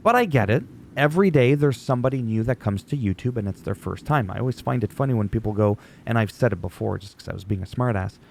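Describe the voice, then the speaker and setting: A man's voice: lowish voice, quick pace, vocal fry, few pauses, a little mellow, a little hiss or hum. A man whose first language is French, ranting sarcastically and profanely as a YouTuber recapping wrestling. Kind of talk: ranting casual commentary.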